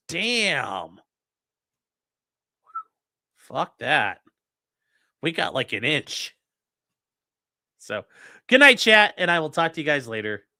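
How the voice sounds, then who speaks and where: A man's voice: a little high, sharp tone. A young man hosting a late-night livestream, joking crudely and reading chat messages aloud from home. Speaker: livestream host reacting to a trial.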